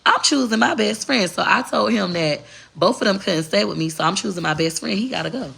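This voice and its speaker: Gravelly, bright-voiced woman telling stories. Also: mid-range voice, a little fast. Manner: candid, blunt, profane, animated. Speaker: vlogger. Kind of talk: casual storytelling to camera.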